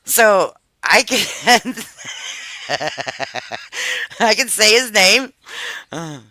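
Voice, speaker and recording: Bright-voiced, chatty middle-aged woman streamer. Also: medium pitch, big pitch swings, drawn-out words, dry recording. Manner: chatty, laughs often, swears freely; frank and talkative. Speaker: live stream host. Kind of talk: casual live-stream chat, reading viewer comments.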